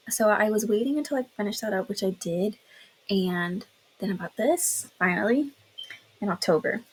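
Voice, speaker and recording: A woman's voice: medium pitch, darkish tone, breathy edge, low-quality recording. A young woman chatting casually to camera about a perfume she loves, gushing and filling her talk with "like". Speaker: beauty vlogger.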